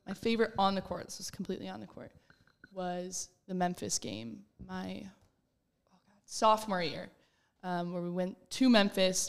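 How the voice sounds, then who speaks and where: A woman's voice: medium pitch, smooth. A young woman from Minnesota, a college basketball player, chatting in an interview in a bubbly way and laughing often. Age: young adult. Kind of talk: casual interview.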